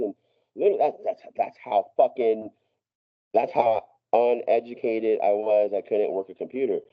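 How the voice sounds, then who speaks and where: A man's voice: fairly low pitch, moderate pace. Profane rambling man, dull lo-fi audio. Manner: profane, rambling, many restarts and laughs. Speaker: podcast guest. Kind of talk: casual storytelling.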